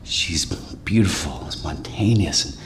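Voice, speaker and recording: An actor playing an anxious, washed-up middle-aged male stand-up comic, talking in a halting, stammering, self-deprecating way in a film. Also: very deep voice, expressive, in a whisper, exaggerated voice. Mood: nervous. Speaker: stand-up comedian. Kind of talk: film stand-up set and show pitch.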